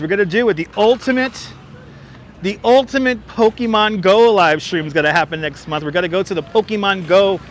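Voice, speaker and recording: Man, livestream host, high bright voice, jokey comment reading, outdoors, clip-on mic, faint street noise. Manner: chatty, jokey, reads comments aloud. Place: outdoors on a city waterfront street. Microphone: wireless clip-on mic.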